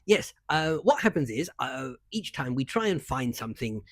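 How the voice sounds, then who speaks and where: An older English man hosting a live podcast chat, animated, chuckling and reading out viewer comments. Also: medium pitch, normal speed, no room sound. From England. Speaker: podcast host. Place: cafe.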